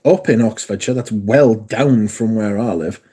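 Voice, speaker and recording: Mellow-voiced man chatting on a live stream. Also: fairly low pitch, unhurried. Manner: chatty, swears casually, reads viewer comments aloud. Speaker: streamer reading chat. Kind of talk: casual live-stream chat.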